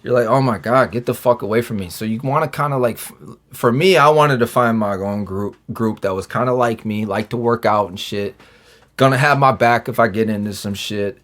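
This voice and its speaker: A man's voice: lowish voice, steady tone, moderate pace, fairly bright tone. A man telling his prison stories in a casual interview, swearing freely, restarting sentences and acting out quoted dialogue. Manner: profane, rambling, with filler-heavy restarts; acts out his own and others' lines in quoted dialogue. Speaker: podcast guest, former prisoner.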